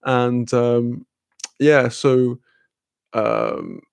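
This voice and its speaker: A man's voice: medium pitch, wildly swooping pitch, drawn-out words, creaky, clean tone, no echo. A young man in his twenties, telling a rambling story on a casual stream, laughing and swearing as he acts out quotes.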